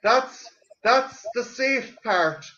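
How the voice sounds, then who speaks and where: An Irish man with a high, bright voice talks in loose chat, tripping over his own words and cursing as he goes. The sound is dull and lo-fi. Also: animated, very slow, a little hiss or hum. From Ireland. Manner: profane, stumbling restarts. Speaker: podcast co-host. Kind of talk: casual chat.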